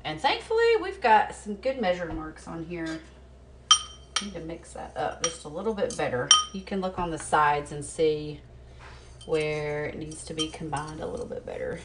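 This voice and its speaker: A woman's voice: low voice, lively intonation, moderate pace, slight background noise. A woman chatting casually to the camera while she preps meals in her home kitchen, talking to herself as she works and laughing at her own mishaps. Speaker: cooking vlogger. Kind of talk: casual cooking demo chat.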